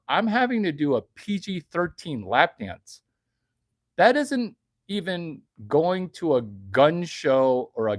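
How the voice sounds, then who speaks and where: A man giving a brash, bragging comedic monologue, talking provocatively and suddenly getting louder for emphasis. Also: mid-range voice, dry recording, studio quality. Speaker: vlogger.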